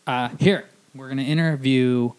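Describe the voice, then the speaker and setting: A married man co-hosting a podcast, chatting casually and joking around, now and then trying quick impressions. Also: medium pitch, steady tone, clean tone. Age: adult with a wife. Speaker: podcast co-host. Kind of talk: casual chat.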